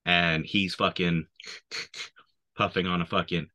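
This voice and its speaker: Low, bright-voiced swearing army veteran. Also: male voice, flat delivery, unhurried, muffled recording. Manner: profane, swears constantly. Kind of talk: casual war storytelling.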